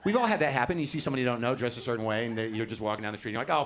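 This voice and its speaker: Ranting profane middle-aged comedian. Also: male voice, medium pitch, rapid-fire, hardly any pauses, fairly bright tone. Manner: profane, ranting, self-deprecating. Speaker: stand-up comedian. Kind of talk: stand-up comedy set. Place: comedy club stage with audience.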